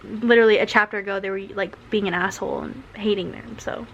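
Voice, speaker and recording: A woman's voice: mid-range voice, steady tone, fast talker, fairly bright tone, a little hiss or hum. A young woman vlogging casually from bed at home, chatting with lots of filler words like "like" and "um". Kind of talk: casual chat to camera.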